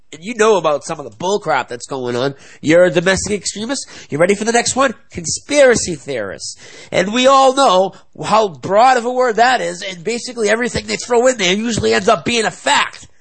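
A man's voice: high-pitched, expressive, normal speed, gravelly, fairly bright tone, slightly rough, poor audio. Fired-up young man ranting. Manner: angry, fired-up political rant. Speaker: video blogger. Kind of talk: ranting to camera.

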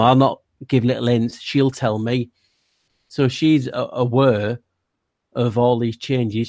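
A man with a noticeable accent talks through a casual podcast chat, circling his points with fillers and restarts. His voice sits at an ordinary middle pitch. The recording is dry, with no room sound. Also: a little mellow, no room sound. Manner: rambling, with many fillers and restarts. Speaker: guest co-host.

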